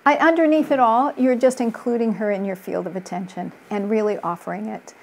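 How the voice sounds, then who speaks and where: A woman's voice: medium pitch, steady tone, brisk, slight background noise. A middle-aged woman speaking as a relationship coach in an interview, earnest and telling stories from her practice. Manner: earnest, storytelling with quoted voices. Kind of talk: conversational interview.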